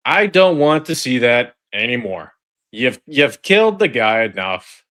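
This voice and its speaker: Slow-talking man reacting to a trailer. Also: mid-range voice, very animated, a bit bright. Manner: chatty, repeats phrases and restarts, addresses the audience as folks. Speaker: online video host. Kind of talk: casual trailer reaction commentary.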